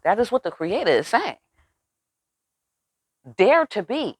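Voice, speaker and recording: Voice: medium pitch, big pitch swings, a little slow, breathy edge, dry recording. Blunt, profane tarot reader, dry sound. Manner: profane, emphatic, streetwise; asks the listeners rhetorical questions. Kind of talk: casual spiritual reading.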